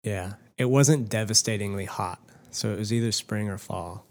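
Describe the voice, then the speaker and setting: Casting: low-pitched man, casual storyteller, self-mocking, salty language. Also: moderate pace, darkish tone. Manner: self-deprecating, swears freely, rambling asides. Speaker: podcast host telling a story.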